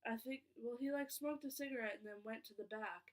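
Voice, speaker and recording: A young woman with a slightly high voice recounts a story in a casual vlog. She rambles, fills her sentences with "like," and stumbles over her words as she goes. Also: brisk. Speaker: vlogger.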